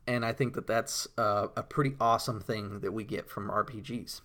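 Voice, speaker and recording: A man's voice: lowish voice, steady tone, moderate pace, sharp tone. Rambling man talking tabletop games. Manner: rambling, filler-heavy, enthusiastic storytelling. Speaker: tabletop RPG blogger. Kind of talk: casual monologue about tabletop gaming.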